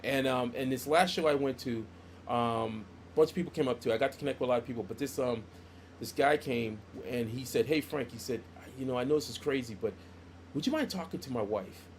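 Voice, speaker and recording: A man's voice: medium pitch, fairly quick. A middle-aged man with a mid-range voice, telling stories as a comic artist guest on a casual podcast. He acts out what people said to him, with faint noise in the background. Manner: animated storyteller who acts out quoted dialogue.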